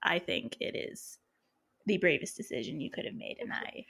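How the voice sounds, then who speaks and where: A woman host with a lowish, sharp, bright voice responds to her guest in a reflective, affirming way. She thinks aloud and uses filler words as she builds her point. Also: animated, moderate pace, vocal fry, husky. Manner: reflective and affirming, with many backchannel murmurs. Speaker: podcast host. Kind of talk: casual interview chat.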